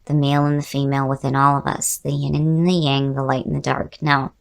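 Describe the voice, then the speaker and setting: A woman giving a casual tarot reading who is losing her voice and sounds hoarse. She muses aloud, repeats key words and speaks straight to the viewer. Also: extremely low pitch, flat delivery, brisk. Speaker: tarot reader.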